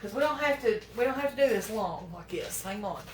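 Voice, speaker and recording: A woman's voice: mid-range voice, expressive, fairly quick, far from the mic, very noisy. Folksy woman cooking at home. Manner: folksy, talks to viewers while fumbling and fretting. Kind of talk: chatty cooking demonstration. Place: home kitchen. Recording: echoey kitchen from off-mic with clattering pans.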